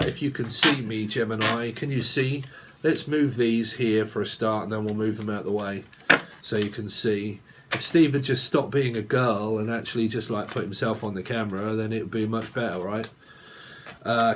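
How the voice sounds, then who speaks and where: A male tarot reader with a mid-range voice gives a rambling reading, free-associating aloud, muttering strings of names, and chuckling to himself. There's a little hiss or hum on the recording.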